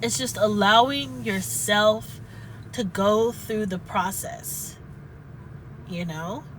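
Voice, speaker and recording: A woman chatting earnestly and haltingly about spiritual healing, at times close to tears. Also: mid-range voice, slight background noise, low-quality recording. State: tearful at moments. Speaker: spiritual vlogger. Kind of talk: emotional casual chat.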